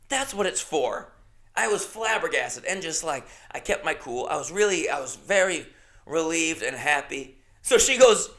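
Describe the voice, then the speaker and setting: Guy ranting on his podcast, gravelly, kinda bright edgy voice, swears a lot. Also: fairly high pitch. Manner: profane, exasperated, swings between mutters and shouts. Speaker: comedian and podcast host. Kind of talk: ranting storytelling monologue.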